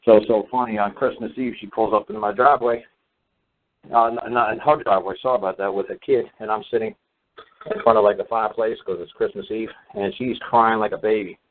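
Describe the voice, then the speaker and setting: A man's voice: fairly low pitch, fairly even intonation, brisk, slight background noise. A man telling a long story in a casual, rambling way, full of fillers and restarts. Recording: tinny phone line.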